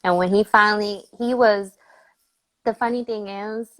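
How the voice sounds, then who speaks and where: In a casual interview, a female guest with a mid-range voice speaks at normal speed while animatedly recounting a family story and imitating the voices of the people in it. The audio quality is poor.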